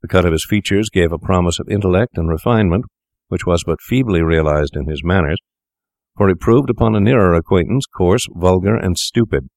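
Deep-voiced male audiobook narrator. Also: vocal fry, a little mellow, no room sound. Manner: measured, formal storytelling. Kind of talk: scripted narration.

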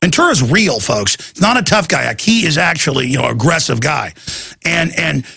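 A man's voice: fairly high pitch, expressive, moderate pace, vocal fry, bright, forceful tone, husky, dry recording. A man hosting a talk show, delivering a rambling, ranting monologue full of restarts and stammers, acting out other people's voices. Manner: acts out quoted people in shifting voices.

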